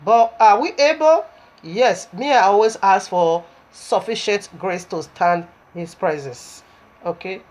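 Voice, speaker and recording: A woman preaches, reading long scripture passages aloud and breaking into her own comments between verses. Her voice sits in a middle pitch for a woman. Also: unhurried, a little mellow. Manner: reads scripture aloud, breaks off with asides and laughs.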